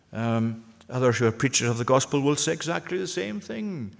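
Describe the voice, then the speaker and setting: A man's voice: medium pitch, lively intonation, moderate pace, gravelly. Man, pastor, earnest sermon, questioning the listeners, long church reverb. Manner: earnest, asks the congregation repeated questions.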